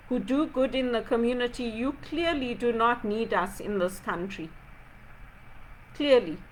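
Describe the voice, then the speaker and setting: A woman from Zimbabwe with a fairly high voice speaks in an impassioned, aggrieved reflection. She keeps pressing rhetorical questions one after another, her tone pointed and insistent. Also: fairly bright tone, a little hiss or hum, poor audio. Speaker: video blogger.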